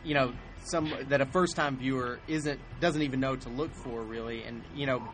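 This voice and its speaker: A man's voice: mid-range voice, fairly even intonation, moderate pace. A man hosting a podcast, talking casually about a movie with many restarts and hesitations. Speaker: podcast host.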